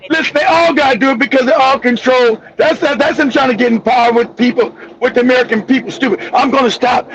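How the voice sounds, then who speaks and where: A man hosting a political commentary show, ranting angrily with profanity and bursts of shouting. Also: very high voice, fast talker. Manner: angry, profane, shouting tirades. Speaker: host. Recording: dull lo-fi audio.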